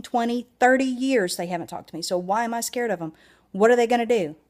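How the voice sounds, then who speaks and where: Southern woman vlogger, medium pitch, blunt pep talk with swearing. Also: a little mellow. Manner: blunt, emphatic, swears freely. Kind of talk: motivational talk to camera.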